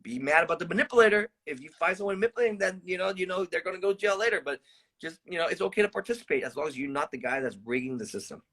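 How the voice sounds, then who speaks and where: Bright, husky-voiced man casually ranting. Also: sits high, very fast. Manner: loose, rambling, swears, keeps saying "guys". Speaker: stock trading educator, live stream host. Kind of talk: casual live stream talk to viewers.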